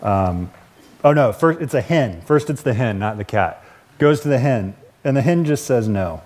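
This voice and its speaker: A man's voice: mid-range voice, lively intonation, moderate pace, darkish tone. A male pastor giving a casual, conversational sermon, chuckling and correcting himself as he goes.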